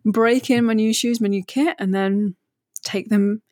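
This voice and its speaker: A woman's voice: medium pitch, fairly even intonation, unhurried, darkish tone, no echo, studio quality. A woman co-hosting a podcast, chatting eagerly about her new running gear in a casual way. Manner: chatty, enthusiastic, lots of "like" and restarts. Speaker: podcast co-host. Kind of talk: casual chat.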